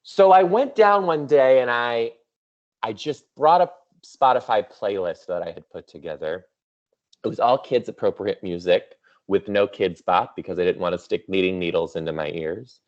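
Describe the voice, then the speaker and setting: A man in his thirties, fairly low-pitched and speaking at normal speed, addresses teachers in a keynote over a video call. The audio is dull, while his tone stays playful and chatty with lots of teasing asides.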